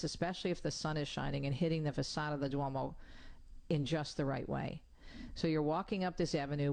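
Gravelly voice, mid pitch, chatty radio talk, eager storyteller, pilgrimage tour host. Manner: enthusiastic, descriptive, warmly chatty.

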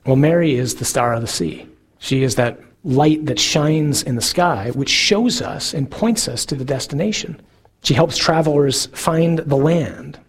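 A man giving a sermon as a priest, earnest, slowing down to stress key words. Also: on the high side, slightly rough. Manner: earnest, slows for emphasis.

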